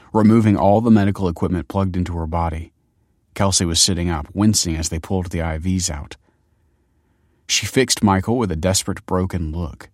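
A man reading a novel aloud as narrator, in a measured and steady way. His voice is very deep. The recording is dry and close, with no room sound. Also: dry recording. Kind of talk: scripted audiobook narration.

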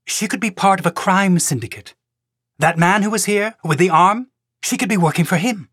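A man voicing a cautious planetary governor who speaks in a careful, measured way. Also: sits high, a bit bright, breathy edge, no echo, clean studio sound, pitched above the performer's own voice.

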